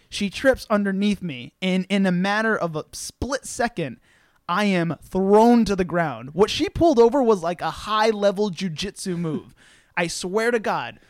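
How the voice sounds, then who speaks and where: A young man telling a wild story in casual, profane podcast chat, acting out the people in it loudly. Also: high voice, no room sound, studio quality. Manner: animated, profane, acts out quoted people loudly.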